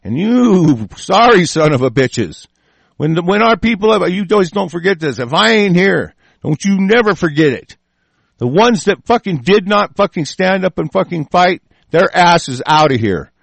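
A man's voice: high voice, big pitch swings, normal speed, vocal fry, no echo. A man hosting a radio show, delivering an angry, profane political rant full of cursing. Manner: profane, shouting, heavy cursing.

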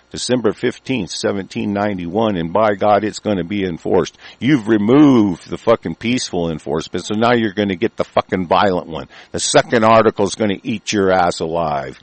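A man hosting his own show, delivering an angry, profane rant. He breaks into shouted bursts and stumbles through halting restarts. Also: on the low side, no room sound. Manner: halting, many ums and restarts. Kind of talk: profane ranting commentary.

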